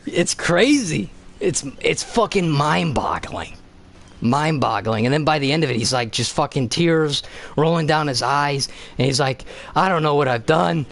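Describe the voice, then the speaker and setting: A man's voice: on the high side, expressive, unhurried, gravelly, fairly bright tone. A man streaming a video game, rambling in casual chat with heavy swearing and lots of fillers.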